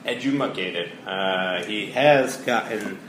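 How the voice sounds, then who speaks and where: A man from Connecticut trades playful, excitable banter as a podcast co-host. The room echoes noticeably around him, with a faint hiss underneath. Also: medium pitch, normal speed. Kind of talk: casual sports and music banter. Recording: roomy echo, faint background hiss.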